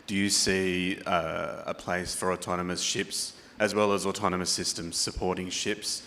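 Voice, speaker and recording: An Australian man with a very deep yet bright, forceful voice asks a question from the floor. He is polite and slightly flustered, with faint noise behind him. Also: level tone, normal speed. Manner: polite, apologetic, a little flustered. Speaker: audience member asking a question.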